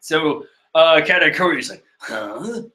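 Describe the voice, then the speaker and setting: A man rambles through a comic read-along with jokes, stopping to fix mixed-up names. His voice sits high and bright, with a lively, animated swing. He keeps it loose and playful. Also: unhurried. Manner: rambling, jokey, mixes up names and corrects himself. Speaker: comic reader.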